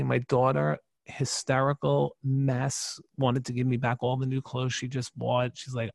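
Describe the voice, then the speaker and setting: A man in his forties, a podcast guest, telling a personal story with emphatic, animated delivery and frequent restarts. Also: medium pitch, normal speed, creaky, hardly any pauses, dry recording.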